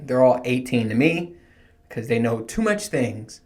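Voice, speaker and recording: A man's voice: medium pitch, lively intonation, unhurried, a little mellow. A man in his thirties hosting his own podcast, rambling in a casual, profane, self-mocking monologue. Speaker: podcast host.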